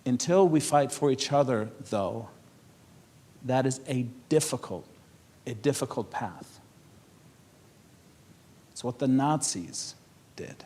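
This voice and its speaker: A man's voice: mid-range voice, animated, slow pace, long pauses, mellow. A man from Europe speaking to an audience in a conversational way, telling anecdotes with frequent laughs and repeated words. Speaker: speaker at a public panel.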